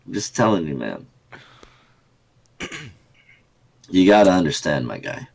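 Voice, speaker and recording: A young man co-hosting a casual podcast, teasing his friends with crude, deadpan jokes. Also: low-pitched, a little slow, creaky, slight background noise. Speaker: podcast co-host. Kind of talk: casual chat.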